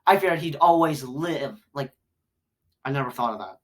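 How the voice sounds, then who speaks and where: A woman giving a casual spoken film review who rambles and repeats herself, jumping from loud excited outbursts to low mutters. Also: moderate pace.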